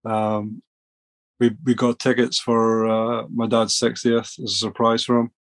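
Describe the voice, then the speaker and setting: A man's voice: on the low side, little pitch movement, measured pace. A man from Scotland, a podcast guest telling rambling stories with many restarts. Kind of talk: casual storytelling.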